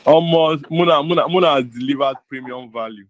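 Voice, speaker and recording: A Nigerian man co-hosting an online webinar, talking fast and excitedly, mixing in Pidgin, laughing and repeating words. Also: medium pitch. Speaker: webinar co-host. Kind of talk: excited casual chat with Pidgin.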